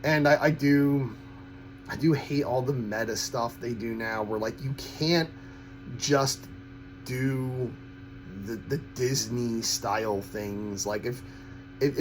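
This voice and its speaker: A man giving a casual, opinionated film review in a halting way, with frequent false starts and repeated words. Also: mid-range voice, music in the background, low-quality recording. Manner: critical, blunt opinions. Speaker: host of a film-ranking channel.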